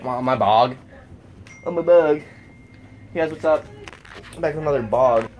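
A young man filming a casual vlog outdoors in the countryside, joking around excitably and swearing often as he talks to his viewers. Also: a little high, normal speed, dull audio, slight background noise. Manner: excitable, jokey and heavily profane. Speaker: vlogger.

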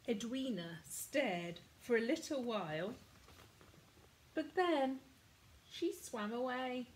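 Slow, expressive woman reading aloud. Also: on the high side, slight background noise, low-quality recording. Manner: slow, gentle, expressive storytelling. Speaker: storybook reader. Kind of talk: children's picture book read-aloud.

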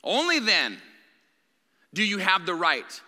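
Bright-voiced man preaching in a reverberant church. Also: sits high, huge pitch swings, slow pace. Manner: candid, conversational preaching. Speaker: guest preacher. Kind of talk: sermon. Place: church sanctuary. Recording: long reverb of a church hall.

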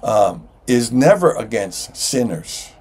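A man preaching a sermon as pastor, slow and emphatic, with sudden jumps in pitch. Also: big pitch swings, a little mellow, slightly rough.

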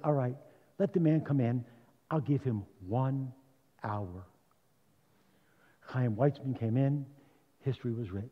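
A man in his seventies, a rabbi, delivering a sermon as a dramatic story that swings between loud bursts and hushed lines, in a congregation's sanctuary. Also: medium pitch. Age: 70s. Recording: dull, with long hall reverb.

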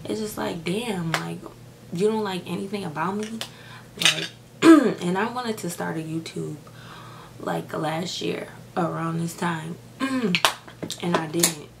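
A woman's voice: on the low side, takes it slowly, creaky, heavy background noise. A young woman vlogging while doing her makeup at home. She talks frankly and tearfully, says "like" a lot and swears. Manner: frank, heavy use of "like" and swearing. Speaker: beauty vlogger. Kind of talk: casual get-ready-with-me chat. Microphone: camera microphone.

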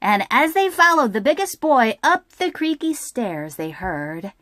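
A woman with a Korean accent reading a children's storybook aloud in an expressive, lilting way. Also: fairly high pitch, measured pace, no echo, clean studio sound. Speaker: storybook reader.

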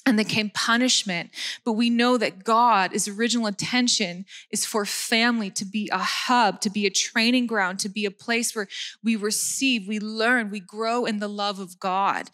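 A woman, giving a sermon in an animated way with frequent laughs and self-deprecating asides. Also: mid-range voice. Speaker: preacher.

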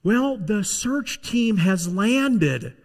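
A tiny boy whispers each short answer, hushed and faint, in a whispered role-play that a man puts on. The voice sits high and light. A long hall reverb trails after every word. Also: sing-song, very slow, exaggerated voice. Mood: matter-of-fact. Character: small whispering little boy.

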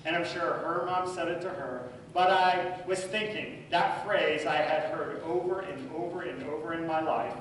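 A middle-aged male pastor with a high voice tells a sermon story, swinging between loud and hushed. He sounds distant from the mic, and the sound rings around a very reverberant church. Faint noise sits behind him. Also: moderate pace, few pauses. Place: church sanctuary.

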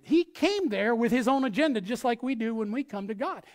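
Animated woman pastor preaching. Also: on the high side, brisk, hardly any pauses. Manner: animated, acts out quotes with big shifts in loudness. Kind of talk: sermon.

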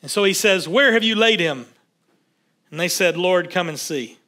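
A man with a high, bright voice preaching. He reads scripture aloud and breaks off to talk it through in a loose, conversational way. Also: lively intonation, moderate pace. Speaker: pastor. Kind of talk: sermon.

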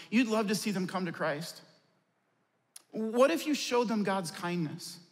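Guy pastor preaching, kinda high voice, tells stories and goes quiet and soft on the big points, long church hall reverb. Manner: storytelling, dropping low and soft for key points. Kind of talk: sermon.

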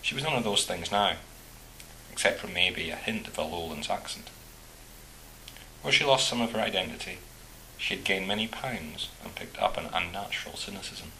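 A man calmly reading a short story aloud in a measured narrating voice. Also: low voice, echoey room, slight background noise, low-quality recording.

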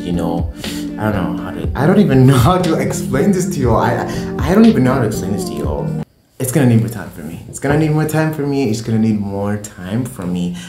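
A woman's voice: rumbling low, warm tone. A woman giving a casual, candid album reaction, swearing freely and rambling emotionally. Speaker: music reaction youtuber. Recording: roomy echo with music playing. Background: album music playing.

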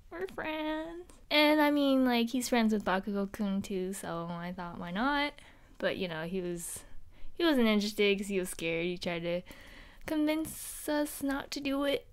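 A woman playing a bubbly teenage girl at a hero school, telling a dorm story in a chatty, giggly way with many fillers. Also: mid-range voice. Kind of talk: in-character storytelling vlog.

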